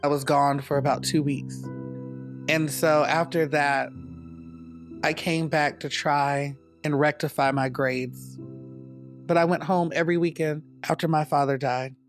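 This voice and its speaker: A man from North Carolina tells his story in a reflective, measured way for a documentary interview. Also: fairly high pitch, steady tone. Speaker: dance company founder. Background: soft guitar music.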